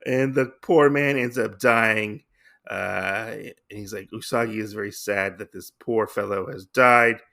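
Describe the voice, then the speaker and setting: A man's voice: lowish voice, fairly even intonation, a little slow, vocal fry, sharp tone. A man hosting his own podcast, recapping a comic book in a rambling, casual way with lots of fillers and restarts. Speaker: podcast host.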